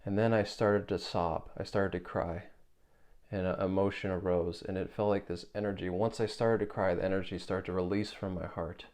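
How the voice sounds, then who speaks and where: A young man earnestly telling a personal spiritual story, halting and repeating words as he searches for how to describe it. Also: sits low, fairly even intonation, a little mellow. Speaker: spiritual video creator.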